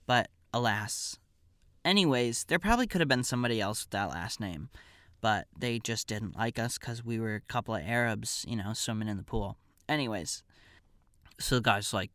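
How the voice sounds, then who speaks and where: Guy casually telling a funny story on his podcast, wry and rambly, smooth clean voice, dry close sound. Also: medium pitch, moderate pace, pushed and bright, no room sound. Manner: wry, digressive, offhand.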